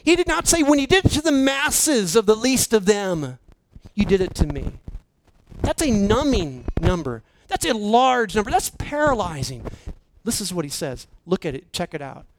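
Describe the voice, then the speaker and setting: High-voiced man preaching a slow sermon. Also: very animated, background noise. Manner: slow, emphatic preaching with dramatic drops to near-whisper. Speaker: pastor.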